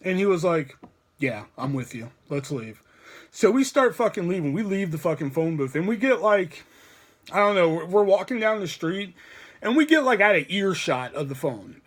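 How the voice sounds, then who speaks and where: A man's voice: high voice, moderate pace. A young man telling a true story in a casual, rambling way. He swears a lot, restarts often and acts out the lines he quotes. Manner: profane and rambling, with many restarts; animated retelling with acted quotes.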